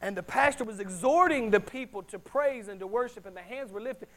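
A middle-aged man preaching a sermon as a pastor, swinging between hushed and loud delivery. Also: very high-pitched, lively intonation, a little fast, low-quality recording.

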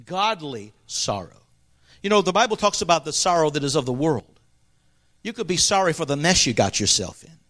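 A man preaching a sermon with emphasis, his voice rising high and dropping low, and asking the congregation for agreement. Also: big pitch swings, moderate pace. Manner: emphatic, swings between ringing highs and hushed lows.

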